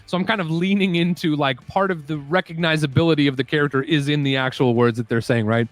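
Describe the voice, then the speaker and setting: A man's voice: on the high side, fast talker, dry recording. A young man chatting casually and self-deprecatingly as the host of a voice-impression video. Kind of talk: casual chat.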